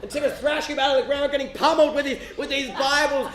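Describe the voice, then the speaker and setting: An Australian man telling an animated comic story live on stage, sometimes building to loud, laughing shouts. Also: extremely high pitch, fast, hardly any pauses. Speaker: comedian storyteller. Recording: roomy live venue echo.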